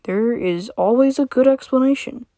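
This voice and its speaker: A woman voicing a calm, serious young man in a read-aloud story. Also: a little high, normal speed, dry recording, voice pushed up, lightly acted.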